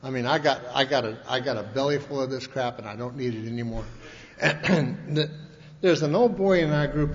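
A man at a recovery meeting, telling his own story in a folksy, rambling way with many restarts. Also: mid-range voice. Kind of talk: personal storytelling talk. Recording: echoey hall, dull lo-fi sound, faint hiss.

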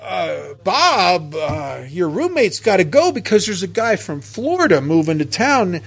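A man puts on God as a calm, fatherly deity with a folksy, coaxing manner who keeps politely asking whether his plans are okay. The voice sits a little lower than the speaker's usual high one. The tone stays easy and plain-spoken. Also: unhurried, vocal fry, full character voice. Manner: coaxing, folksy, repeatedly asks permission.

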